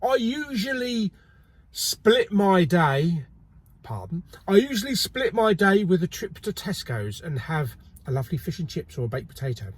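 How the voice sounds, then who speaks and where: A man's voice: high voice, big pitch swings, moderate pace. A man hosting a casual shopping vlog, cheeky and jokey, swearing casually. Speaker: video host. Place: car and multi-storey car park.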